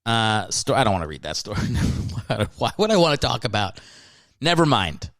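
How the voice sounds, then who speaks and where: A man's voice: on the low side, very animated, normal speed, fairly bright tone, no room sound. A man hosting a podcast, rambling through a casual monologue and poking fun at himself. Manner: rambling, self-mocking. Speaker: podcast host.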